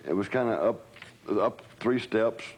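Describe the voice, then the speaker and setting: An older man, recounting old stories in an interview, animated and acting out what people said. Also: fairly low pitch, measured pace, a little hiss or hum, low-quality recording. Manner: animated storyteller who acts out quotes. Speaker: interviewee, former entourage member. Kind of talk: storytelling reminiscence.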